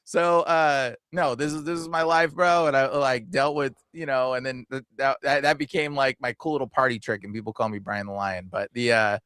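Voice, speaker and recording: A man's voice: mid-range voice, fairly even intonation, moderate pace, few pauses, a bit bright, clean tone, dry recording, studio quality. A man telling a story in a loose, rambling way, laughing often and using many fillers. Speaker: deliverance minister. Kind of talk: casual conversation.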